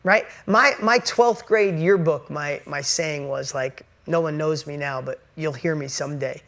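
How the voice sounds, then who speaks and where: A man's voice: a little high, a little slow, vocal fry, fairly bright tone. A man giving an earnest, conversational motivational talk straight to camera, pressing his points with emphasis. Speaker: motivational speaker.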